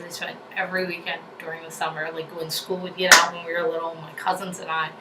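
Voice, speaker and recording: Bubbly young woman with a New York accent. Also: fairly low pitch. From New Jersey. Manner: chatty and bubbly, with frequent "like". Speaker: YouTuber. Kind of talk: casual vlog chat. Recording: echoey room, mic at a distance, noisy.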